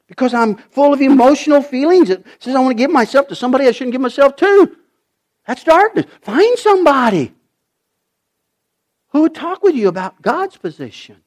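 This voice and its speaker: A male pastor preaching a sermon, swinging from loud urgent shouts to hushed, almost whispered asides. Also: very high-pitched, moderate pace. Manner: animated preaching, rising to shouts, dropping to near whispers.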